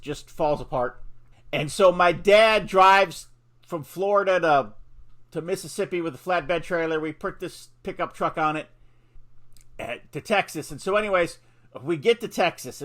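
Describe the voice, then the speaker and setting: A man hosting a radio interview, chatty and telling stories with quick casual asides. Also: on the high side, a bit bright. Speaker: radio show host.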